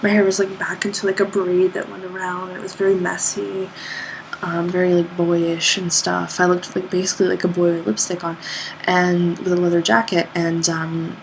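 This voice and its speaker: A young woman, an art student, recounting her day in a loose, rambling way, full of "like" fillers, jumping up high in pitch whenever she quotes someone. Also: flat delivery, moderate pace, gravelly, slight background noise, poor audio. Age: young adult. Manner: rambling, lots of "like" fillers, acts out quoted people with sudden high pitch jumps. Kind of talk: casual spoken recollection.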